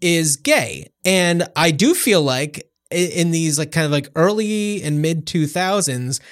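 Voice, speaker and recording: A man's voice: on the high side, expressive, unhurried, no echo, studio quality. A man co-hosting a podcast, chatting casually about a film with lots of fillers and restarts. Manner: rambling, many fillers and restarts. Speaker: podcast co-host.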